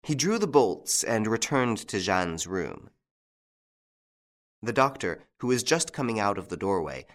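Low-voiced man narrating a mystery. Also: big pitch swings, unhurried. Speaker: audiobook narrator. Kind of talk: scripted narration.

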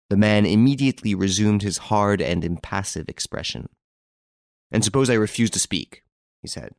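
A man narrating a classic detective story in an even, measured reading, voicing the dialogue lightly. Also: lowish voice, no room sound, clean studio sound. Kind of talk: scripted audiobook narration.

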